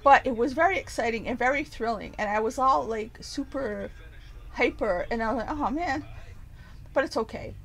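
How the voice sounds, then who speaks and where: Animated, swearing woman ranting casually. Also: a little high, normal speed, rough recording. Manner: animated, profane, rambling with restarts. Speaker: vlogger. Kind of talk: casual rant to camera.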